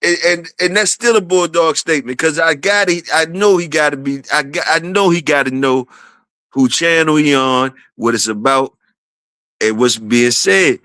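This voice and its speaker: A man, his voice bright and a little high, hosts a casual livestream. He keeps shouting out viewers and says his key phrases again and again. The sound is dry and close. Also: moderate pace, clear, resonant tone, dry recording. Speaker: livestream host.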